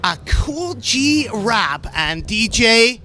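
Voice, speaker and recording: A man interviewing a guest with an excitable, wildly swooping voice, in a music club. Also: very high-pitched, drawn-out words. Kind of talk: energetic interview. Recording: faint music behind in a club.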